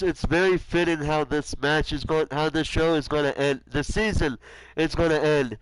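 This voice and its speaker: A young man calling wrestling play-by-play, animated and cursing freely, shouting at the big moments. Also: a little high, clear, resonant tone, no room sound, rough recording. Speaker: commentator. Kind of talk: excited wrestling play-by-play commentary.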